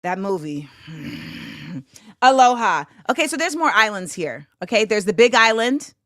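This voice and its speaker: A woman hosting a casual livestream, chatting with viewers. She jumps between loud, excited exclamations and quiet muttering to herself. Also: medium pitch, a little slow, dry recording, studio quality. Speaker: host.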